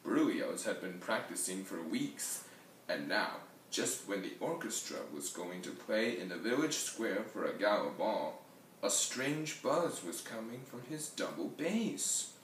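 A man reading a picture book aloud in a lively storybook manner, adding sound effects. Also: lowish voice, unhurried, slight background noise. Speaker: reader. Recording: echoey room, mic far off.

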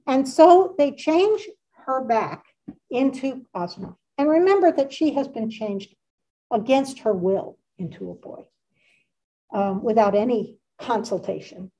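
Chatty woman lecturer, mellow. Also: fairly high pitch, animated, measured pace, distant mic, rough recording. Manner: chatty, wry asides, frequent fillers. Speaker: art history lecturer. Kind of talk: casual presentation and read-aloud.

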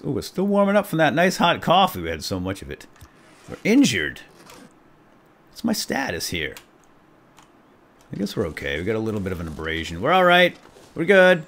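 A middle-aged man chatting excitedly through his own gameplay as a let's-play commentator. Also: sits low. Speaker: gaming YouTuber.

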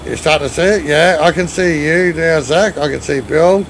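A man's voice: fairly high pitch, normal speed, vocal fry, background noise. An Australian man hosting a live game stream, chatting casually with friends and reading out viewer comments as he drives. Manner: chatty, reads and answers chat while driving. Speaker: streamer leading a truck convoy.

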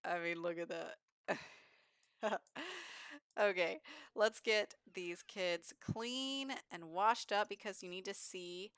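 A woman's voice: mid-range voice, slow, fairly bright tone, clean tone, no room sound, clean studio sound. A woman giving chatty, giggly gameplay commentary as a gaming YouTuber.

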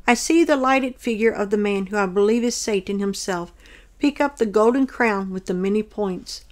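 A woman narrating her own religious dream as a testimony, reading in an earnest, measured way. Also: mid-range voice.

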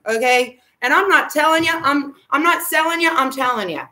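A woman's voice: high-pitched, moderate pace, pushed and bright. A woman fitness coach giving an upbeat, emphatic motivational talk, greeting viewers by name as she goes.

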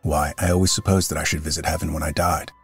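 A man reading the lines of a fussy, sharp-tongued dead woman, with curt, querulous replies. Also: extremely low pitch, little pitch movement, fast, slightly rough, faint music behind, exaggerated voice. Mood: wistful. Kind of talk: audiobook reading of a character.

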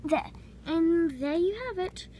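A female voice pitched high and easy-going, walking through a homemade craft step by step at a slow, unhurried pace. She chats casually and keeps slipping into soft whispered asides. A faint hiss sits under the recording. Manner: chatty, drops into whispered asides. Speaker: craft tutorial creator. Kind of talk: casual DIY tutorial chat.

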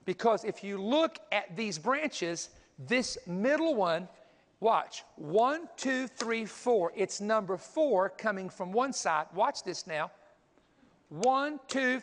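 Male preacher, high voice, energetic teaching sermon, long reverb. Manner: energetic teaching, pointing at a chart and counting aloud.

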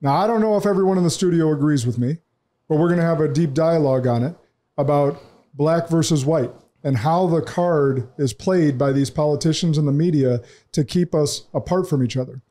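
A man's voice: a little high, fairly quick, warm tone. A man hosting a podcast in a studio, talking casually, emphatic and opinionated. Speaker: podcast host.

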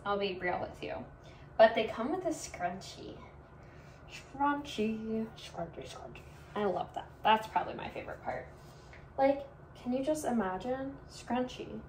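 Young woman chatting in a bubbly valley girl way, kinda high voice, echoey room, a bit far from the mic. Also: animated, moderate pace, darkish tone, slight background noise. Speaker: vlogger. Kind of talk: casual try-on haul vlog.

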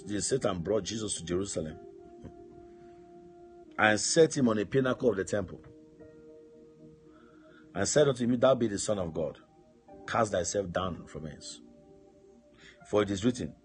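A male pastor delivers a fervent sermon in a low voice, dropping amen and hallelujah between points. Faint music plays beneath him. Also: expressive, normal speed, long pauses.

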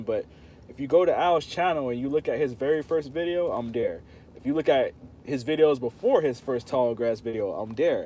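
A man's voice: mid-range voice, dark tone, slight background noise. A man hosting a casual livestream, talking straight to his viewers in a playful, insistent way. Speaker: channel host talking to live chat.

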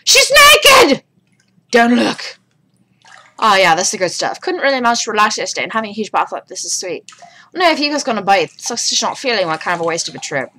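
A woman's voice: medium pitch, lively intonation, fast, fairly bright tone. A woman hosting a horror game let's play. She reads the game's dialogue aloud, swears freely, and yelps when startled.

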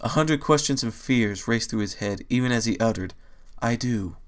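A man's voice: medium pitch, expressive, fairly quick, clear, resonant tone. Man reading a story aloud. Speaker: audiobook reader. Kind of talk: fan fiction read aloud.

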